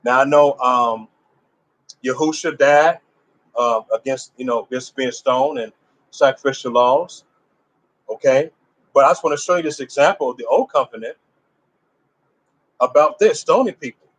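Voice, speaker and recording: On poor audio, a mid-range male voice proceeds at a moderate pace with frequent pauses. The man teaches about religion in an emphatic, chatty way, challenging listeners through rhetorical questions and restarting his loose sentences.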